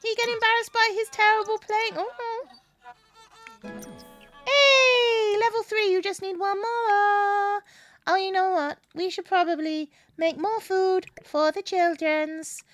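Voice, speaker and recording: A woman's voice: extremely high pitch, steady tone, a little slow, a bit bright, soft background music, pitched above the performer's own voice. A woman voicing a small cranky owl that sounds like a puppet, grumbling through game commentary. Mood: grumpy. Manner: grumbling, chatty commentary to chat. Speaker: streamer.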